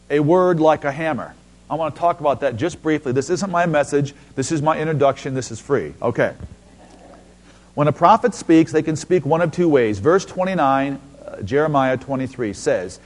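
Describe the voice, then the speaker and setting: Man, preacher, slightly high voice, animated sermon, call-and-response, loud exclamations. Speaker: visiting preacher.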